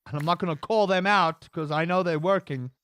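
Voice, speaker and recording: A man streaming a game while he rants, throwing out rhetorical questions and pushing his voice up high when he gets worked up. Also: a little fast, fairly bright tone. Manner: ranting, piles up rhetorical questions. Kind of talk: casual rant while gaming.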